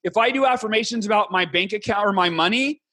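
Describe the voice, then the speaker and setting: A man talking as a podcast guest, enthusiastic and animated, slipping into mock voices as he explains. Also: high-pitched, quick pace, no room sound. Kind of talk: energetic interview talk.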